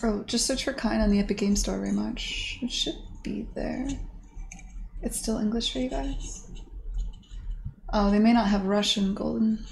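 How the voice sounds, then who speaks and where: A woman indie game developer chatting casually with her live-stream viewers, excitable and swearing freely as she mutters to herself. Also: medium pitch, measured pace, creaky, long pauses, slight background noise.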